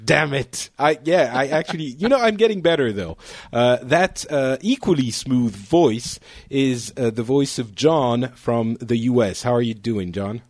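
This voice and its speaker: A man hosts a casual talk show in a rambling, joking way, stopping to correct himself as he goes. His voice sits at an ordinary middle pitch, and the sound is dry and close with no room echo. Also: lively intonation, unhurried, hardly any pauses. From France. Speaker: podcast host. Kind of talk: casual chat.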